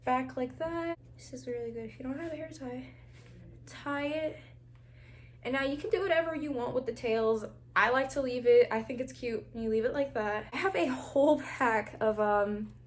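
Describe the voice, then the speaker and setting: A young woman chatting casually through a braid-styling tutorial at home, talking straight to viewers and sometimes dropping to a near whisper while she works. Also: on the high side. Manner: chatty, talks straight to viewers as "girl" and "y'all", laughs often; drops to a near whisper while twisting hair. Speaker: hair tutorial vlogger. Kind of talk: casual hair tutorial chat.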